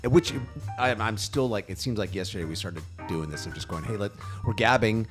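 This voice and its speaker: A man's voice: on the low side, a little fast, music in the background. A man co-hosting a podcast in casual chat, rambling with many restarts. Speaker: podcast co-host; graphic designer.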